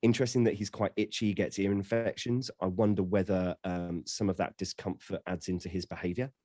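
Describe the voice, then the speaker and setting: Low-voiced dog trainer explaining, dry sound. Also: male voice, level tone, brisk, dark tone, dry recording. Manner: jokey, explains with asides and fillers. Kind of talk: casual explanatory chat.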